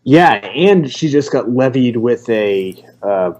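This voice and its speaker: A man's voice: medium pitch, animated, takes it slowly, a little mellow. A man who coaches martial arts, co-hosting a casual podcast with crude, joking banter.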